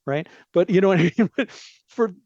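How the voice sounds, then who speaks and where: A man's voice: high-pitched, brisk, a little mellow, no room sound. A man talking as a podcast guest in a rambling, digressive casual chat, with frequent asides, on a dull lo-fi recording.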